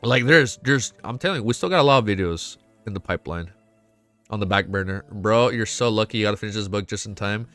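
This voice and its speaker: A young man streaming a casual reaction, excitable and swearing often, laughing between remarks. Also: fairly low pitch, fast, no echo, soft background music. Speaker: streamer reacting to a web novel. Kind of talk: casual live reaction chat.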